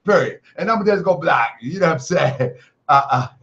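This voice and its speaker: A man with a high voice talks loosely and playfully to his online audience, dropping slang and laughing as he goes. The stream audio sounds dull and lo-fi. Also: expressive, quick pace, creaky, a bit bright. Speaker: host of an online talk show. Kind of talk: casual live-stream talk.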